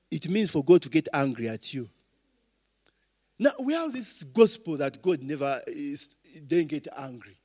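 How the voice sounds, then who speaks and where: High-voiced preacher in a hall. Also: male voice. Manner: call-and-response questions, swinging loud to soft. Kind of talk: sermon. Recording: long reverb of a hall.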